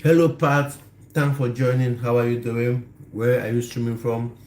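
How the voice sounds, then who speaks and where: A man's voice: medium pitch, flat delivery, moderate pace, darkish tone. A man hosting a casual live stream, chatting and laughing easily as he greets viewers. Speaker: livestream host. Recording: echoey room, faint background noise.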